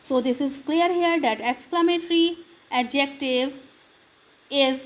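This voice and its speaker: A woman's voice: high voice, a little slow, poor audio. A woman teaching a grammar lesson, drilling students with questions and answers in non-native English.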